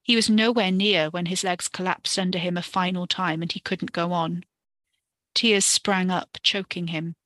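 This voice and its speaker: A woman reading a story for a podcast in a steady, expressive way. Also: fairly low pitch, normal speed, no echo. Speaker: podcast narrator.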